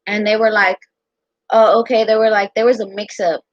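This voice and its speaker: A young American woman telling a personal story in a casual, profane, animated way. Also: medium pitch, normal speed, no room sound. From United States. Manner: profane, animated, quotes others in her own voice. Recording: dull lo-fi sound.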